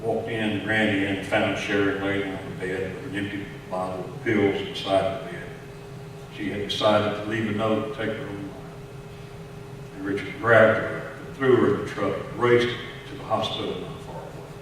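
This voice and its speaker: Texan pastor preaching in an echoey hall. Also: male voice, fairly low pitch, flat delivery, moderate pace, background noise. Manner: storytelling with frequent repeated words, swinging between hushed and raised. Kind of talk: sermon. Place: large church sanctuary. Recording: echoey church hall from far off.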